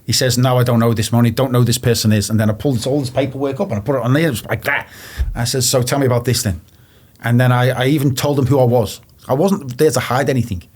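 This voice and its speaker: Male guest from England, mid-pitched, blunt and profane, a casual storyteller. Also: steady tone, fast, darkish tone. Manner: blunt, swears often, retells phone calls with quoted voices. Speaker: interview guest.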